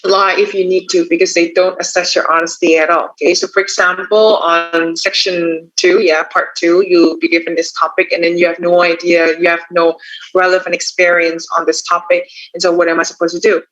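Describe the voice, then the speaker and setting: A tutor with an Indonesian accent talks through exam tips in a loose, casual way. Phrases keep ending with a quick "yeah" or "you know". The voice sits at a middle pitch, and the recording sounds muffled and lo-fi. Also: little pitch movement, a bit bright. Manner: chatty, tacks on frequent "yeah" and "you know". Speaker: English test tutor. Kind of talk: casual teaching talk. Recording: dull lo-fi recording.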